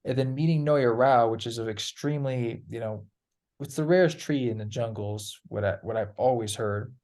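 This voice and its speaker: A man's voice: mid-range voice, normal speed, a little mellow. A man chatting as a guest, telling a loose, rambling story with plenty of fillers and casual swearing. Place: Peru.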